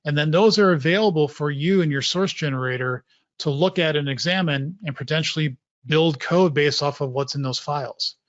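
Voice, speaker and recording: Male presenter, slightly raised pitch, casual technical talk, dry and slightly muffled recording. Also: normal speed, no echo. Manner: relaxed explanatory, repeats points for emphasis. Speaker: presenter at a developer meetup.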